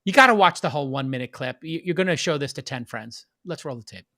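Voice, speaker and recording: A man hosting a live-streamed podcast, talking excitedly and hyping up his audience. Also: fairly high pitch, fast talker. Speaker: podcast host.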